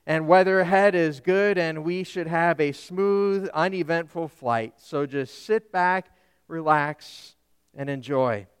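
A preacher doing a calm airline captain. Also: male voice, on the high side, slow pace, clean tone, in a large hall. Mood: reassuring.

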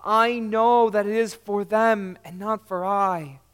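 A humble mother pleads earnestly and slowly, as a male preacher puts her on. Her voice sits high and unhurried. It rings out with a long hall reverb. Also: fairly even intonation, fairly bright tone, smooth. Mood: humble pleading. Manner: humble, earnest first-person plea.

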